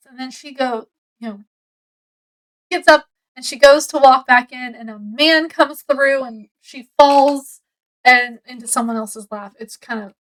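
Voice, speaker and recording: A woman casually retelling a mystery novel's plot in a book review, rambling and full of fillers, often trailing off quietly. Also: high voice, rough recording. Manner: rambling, retells scenes with quoted voices; lots of fillers, trailing off softly.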